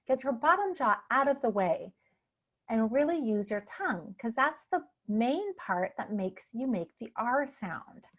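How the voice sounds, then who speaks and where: A woman leading a speech exercise lesson, demonstrating drills slowly and clearly and encouraging the listener. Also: fairly high pitch, fairly bright tone. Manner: slow, clear, encouraging demonstration with drawn-out practice words. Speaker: speech therapy instructor.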